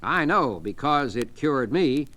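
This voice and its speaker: Man reading as a kindly businessman, earnest, lively pitch, bright tone. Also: takes it slowly. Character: kindly, calm middle-aged businessman.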